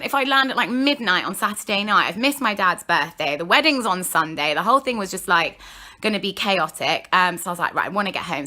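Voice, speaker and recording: A young woman vlogger telling a story in a casual, animated way, acting out what people said. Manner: animated, acts out quotes with big pitch jumps.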